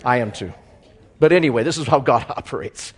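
A man preaching a sermon, swinging between loud emphasis and quiet joking asides, chuckling at his own lines. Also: medium pitch, fairly quick, husky.

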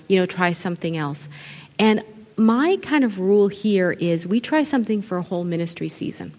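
A middle-aged woman from an Italian family, a children's ministry leader, gives an expressive, conversational conference talk to other ministry leaders. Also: lowish voice. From Italian family background. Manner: expressive, conversational, quotes people in acted voices. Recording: long hall reverb.

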